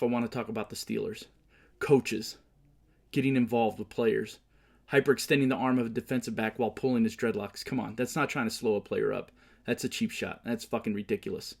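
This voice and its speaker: A man hosting his own show, giving casual sports picks and movie talk, swearing and ranting hotly about his team. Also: medium pitch. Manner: profane, heated ranting. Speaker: show host.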